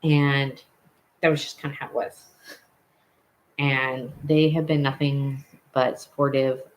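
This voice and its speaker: Young male vlogger at mid pitch, casual storytelling, loose and rambling, stops and corrects himself often. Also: little pitch movement, a little slow, poor audio. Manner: rambling, with many fillers and self-corrections.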